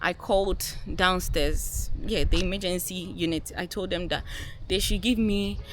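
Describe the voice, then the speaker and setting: A young woman vlogger telling a personal story to her viewers in a casual, animated way, laughing often and acting out what people said. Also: on the low side, a little slow. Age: young adult. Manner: animated, laughing, acts out quotes.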